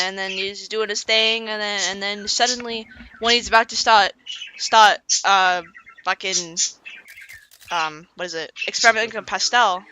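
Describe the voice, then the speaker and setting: Bright-voiced woman streamer rambling through a story, faint background noise. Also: mid-range voice. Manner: rambling, repeats "and then", swears casually.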